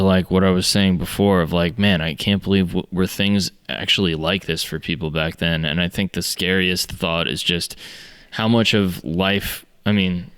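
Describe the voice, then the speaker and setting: A young man with a very low, smooth and resonant voice. He co-hosts a movie podcast in casual chat, full of sarcastic jokes and easy swearing. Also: a bit bright, dry recording. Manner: jokey, sarcastic interjections, swears. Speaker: podcast co-host.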